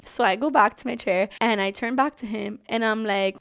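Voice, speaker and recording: A young adult woman vlogger telling a story in a casual, animated, exasperated way. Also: a little high, moderate pace, vocal fry, hardly any pauses, clear, resonant tone.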